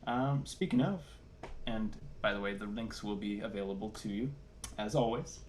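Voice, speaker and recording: A man's voice: fairly low pitch, normal speed, darkish tone, slight background noise. A man, a services and support minister, reading church announcements in an upbeat, enthusiastic way over a video call.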